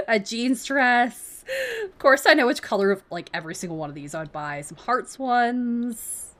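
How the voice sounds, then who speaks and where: A woman's voice: on the high side, very animated, a little slow, a bit bright. A woman streamer giving casual gameplay commentary, reading game text aloud and swearing now and then.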